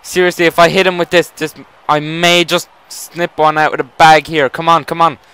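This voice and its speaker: A young man commentating his own wrestling video game match live, excitable and swearing, shouting at the screen. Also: a little high, moderate pace, clean tone.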